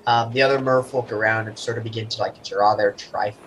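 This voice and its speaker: A man's voice: on the low side, steady tone, a little fast, a bit bright, a little hiss or hum, low-quality recording. A man narrating a tabletop game as game master in a loose style full of fillers.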